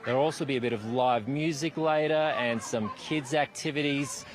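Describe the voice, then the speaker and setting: A man's voice: mid-range voice, normal speed, a little hiss or hum. A man with an Australian accent reporting live from an outdoor park event, conversational with a few fillers. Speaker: field reporter. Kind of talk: live cross from location.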